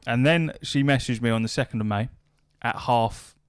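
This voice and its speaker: A podcast host spins a casual anecdote, cursing freely as he acts out both sides of a conversation. His voice sits at an ordinary middle pitch for a man. The sound is dry and close, with no room around it. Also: normal speed, smooth, no echo. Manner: swears freely, relays a story with quoted back-and-forth dialogue. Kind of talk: casual storytelling chat.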